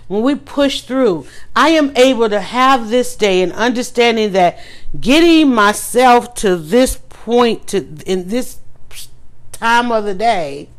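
A middle-aged woman blogger talking casually to her audience, emphatic and ranting with rising outbursts. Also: on the high side. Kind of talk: casual monologue vlog.

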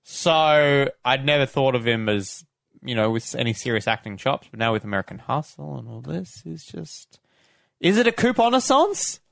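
A man's voice: mid-range voice, normal speed, creaky, a bit bright, no echo, studio quality. A man co-hosting a casual film chat, rambling with lots of fillers and self-corrections. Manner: rambling, many fillers and restarts. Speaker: podcast co-host.

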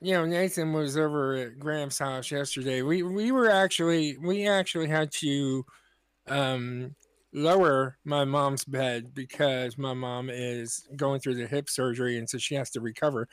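A man co-hosting a podcast, speaking in relaxed, reflective casual chat and giving quick agreeing replies. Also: mid-range voice, clear, resonant tone, no echo. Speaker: podcast co-host.

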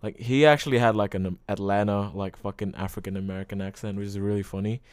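Rambling, swearing man with a smooth voice. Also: on the low side, steady tone, quick pace, darkish tone, no echo. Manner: rambling, full of "like" and frequent swearing. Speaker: podcast host. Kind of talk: casual solo podcast monologue.

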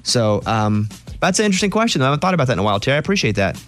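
A man from Arkansas with a slight Southern accent, hosting a radio talk show in a chatty, animated way. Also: medium pitch, racing, faint music behind. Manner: chatty, animated, self-deprecating.

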